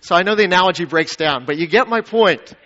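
A male pastor preaching to his congregation, swinging from emphatic peaks to quiet low asides and asking the crowd questions. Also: animated, quick pace. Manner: dynamic preaching, rising to emphatic peaks then dropping low. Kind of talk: sermon. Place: church sanctuary. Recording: dull lo-fi sound.

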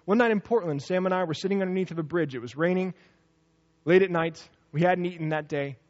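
Male preacher, high pitch, lively storyteller who acts out every quote; muffled recording. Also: fast. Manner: animated storytelling, acting out quoted voices. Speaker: preacher telling a personal story. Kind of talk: sermon storytelling. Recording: dull lo-fi recording.

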